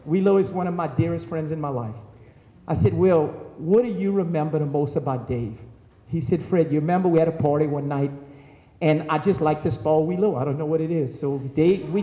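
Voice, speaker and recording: Recorded from far off in an echoey hall, a man delivers a eulogy in a large church, sharing anecdotes and acting out the voices of the people in them. His voice is on the high side with a dark tone, and the recording sounds muffled.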